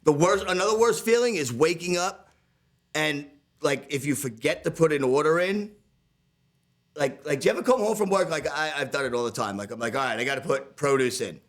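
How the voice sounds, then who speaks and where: A man from Staten Island, a chef and podcast co-host, telling kitchen stories in a profane, laughing, animated way. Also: on the high side, a little fast. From Staten Island, New York. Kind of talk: casual podcast chat.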